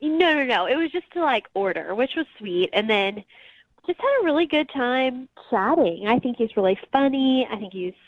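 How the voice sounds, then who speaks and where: A woman's voice: on the high side, animated, moderate pace, no echo, dull audio. A woman calling into a radio show, telling a dating story in a chatty, candid way. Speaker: caller. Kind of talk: phone call to a radio show.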